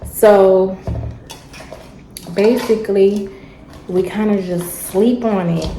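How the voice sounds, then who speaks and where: A young woman, telling a story in a casual, animated vlog chat and acting out the dialogue. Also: mid-range voice, slow, reverberant, a little hiss or hum, low-quality recording. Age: young adult. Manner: animated, chatty, acts out dialogue. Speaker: vlogger. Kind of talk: casual storytelling while eating.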